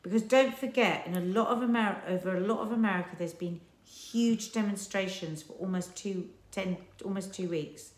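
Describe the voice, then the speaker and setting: A woman's voice: medium pitch, normal speed, few pauses, reverberant. A woman with a South London accent co-hosting a casual family livestream, chatty and teasing. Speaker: co-host.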